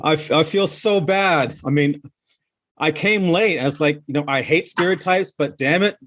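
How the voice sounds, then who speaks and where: A man's voice: fairly high pitch, moderate pace, fairly bright tone. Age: middle-aged. Sex: man. Role: stand-up comic. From Chicago. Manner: conversational, laughs at his own jokes, stumbling restarts. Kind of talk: stand-up comedy set. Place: comedy club stage.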